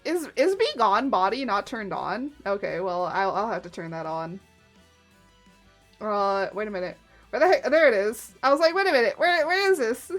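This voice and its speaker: A woman streaming live in casual chat, giggling often and muttering to herself as she clicks through software. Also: medium pitch, big pitch swings, moderate pace, faint music behind.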